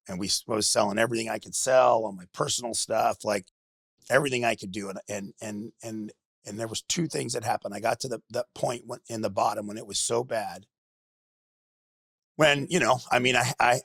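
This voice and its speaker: A middle-aged man telling a candid personal story as a podcast guest, halting and restarting often. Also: lowish voice, creaky, a bit bright, husky, no room sound, studio quality. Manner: halting, many restarts and repeated words.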